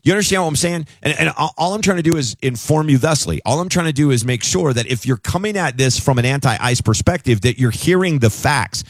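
A male talk radio host arguing his point in an emphatic, conversational way. His pitch swings widely as he presses on. The studio sound is dry and close. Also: expressive, brisk, hardly any pauses, no echo.

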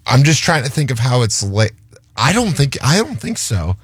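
A man's voice: medium pitch, very animated, moderate pace, breathy edge, no echo. A man co-hosting a radio show, chatting easily about parking spots. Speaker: radio co-host. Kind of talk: casual studio banter.

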